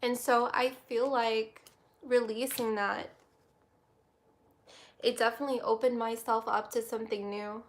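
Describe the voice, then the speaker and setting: Woman with a slightly high voice, reading tarot on a stream; soft, halting, emotional. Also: level tone. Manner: soft, reflective, halting with many restarts. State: close to tears. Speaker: tarot reader.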